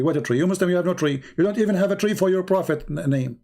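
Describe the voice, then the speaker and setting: A man's voice: on the high side, quick pace, warm tone. Insistent man in a heated debate. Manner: insistent, repeats phrases. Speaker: debate show host.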